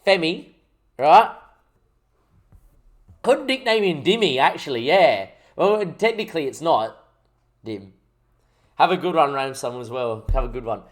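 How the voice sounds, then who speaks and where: A young man hosting his gaming channel, chatting casually and jokily as he thinks out loud over gameplay. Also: fairly high pitch, big pitch swings, measured pace, long pauses. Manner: rambling, jokey, thinks aloud while playing.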